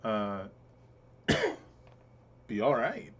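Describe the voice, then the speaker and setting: A man's voice: lowish voice, huge pitch swings, drawn-out words, fairly bright tone, muffled recording. A man narrating as game master for a tabletop game, rambling with many fillers and restarts.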